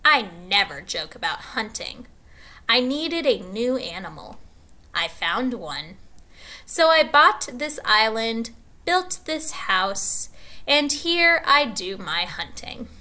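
A woman's voice: fairly high pitch, very animated, slow, pushed and bright, heavily acted. A woman reading aloud, voicing a suave aristocratic male general who is a hunter. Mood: proud.

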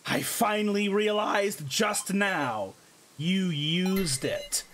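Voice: mid-range voice, animated, drawn-out words, noisy background. A streamer voicing a gloating game-master villain.

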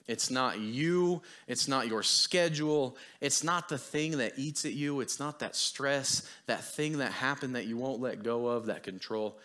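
A young man giving a casual, chatty sermon as a guest preacher, self-deprecating and quick to laugh. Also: medium pitch, a bit bright.

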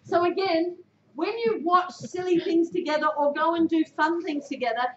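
An Australian woman with a high-pitched voice gives a blunt, emphatic motivational talk, putting questions straight to her audience. The sound is dull and echoey, with a faint hiss underneath. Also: moderate pace. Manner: direct, emphatic, quizzes the audience. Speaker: guest speaker. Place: club room before a team.

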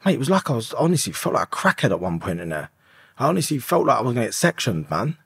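A man's voice: medium pitch, big pitch swings, quick pace, gravelly, a bit bright, slightly rough, no echo, studio quality. A man in his thirties, a podcast guest, telling his story in an emotional, rambling way and swearing often. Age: 30s. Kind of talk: candid confessional storytelling.

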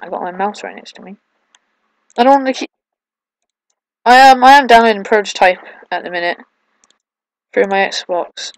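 Cowok muda Inggris, teriak heboh saat main game. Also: male voice, high voice, no room sound, poor audio. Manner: excitable, yelping and shouting at the game. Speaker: let's play gamer. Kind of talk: gameplay commentary.

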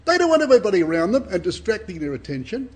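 A man's voice: high-pitched, big pitch swings, racing, breathy edge. An older man, giving an earnest, emphatic Bible sermon to a congregation and often repeating his words. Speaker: Bible speaker.

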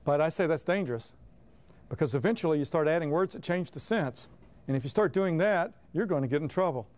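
A man's voice: fairly high pitch, lively intonation, a little fast, a little mellow. A man giving assured, plain-spoken explanations in an interview as a reading intervention expert.

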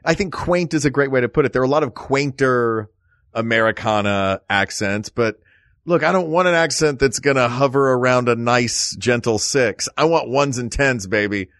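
A man hosting a podcast, chatting and joking in an animated way. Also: medium pitch, normal speed, no echo. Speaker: podcast host. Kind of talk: casual chat.

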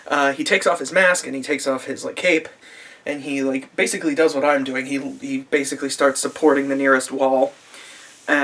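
A man's voice: mid-range voice, fairly bright tone. A man in his twenties giving a casual, profane vlog review of a show, rambling with lots of fillers and dry sarcasm. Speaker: anime reviewer.

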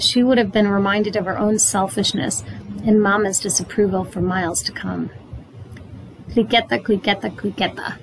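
A woman reading a chapter book aloud to young listeners, at a steady, clear pace. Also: mid-range voice, slight background noise, rough recording. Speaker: read-aloud narrator.

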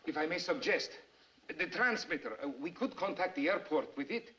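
A nervous, high-voiced radio operator. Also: male voice, animated, normal speed, bright, forceful tone, a little hiss or hum. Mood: apologetic. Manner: hesitant, apologetic. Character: nervous, deferential male Soviet radio operator. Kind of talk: 1950s film acting. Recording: muffled old film soundtrack.

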